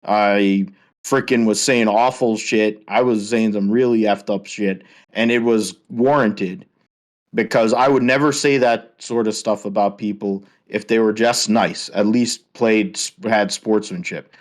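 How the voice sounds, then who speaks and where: A man's voice: on the low side, steady tone, unhurried. A man hosting a podcast, ranting heatedly with a lot of swearing in casual chat. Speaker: podcast host.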